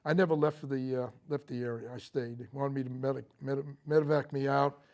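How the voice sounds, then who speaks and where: Older man recalling war, halting. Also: mid-range voice, steady tone, darkish tone. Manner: halting, with frequent fillers and restarts. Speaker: interviewed Marine veteran. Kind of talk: recounting memories in a TV interview. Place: local TV studio.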